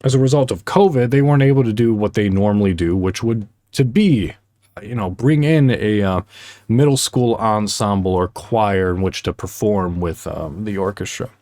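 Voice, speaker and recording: A man hosting a podcast, telling a story in casual chat with many fillers and pauses, heartfelt and halting. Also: on the low side, mellow, no echo. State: choked up. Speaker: podcast host.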